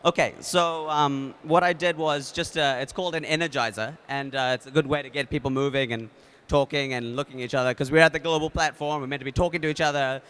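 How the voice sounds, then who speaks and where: A man with a New Zealand accent addresses a conference audience in a loose, energetic way, full of fillers and restarts. His voice sits a bit high and sounds bright and forward. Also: fast talker, few pauses, smooth. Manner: energetic, leads the audience in a game; casual with many fillers and restarts. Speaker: conference speaker. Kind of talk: conference talk.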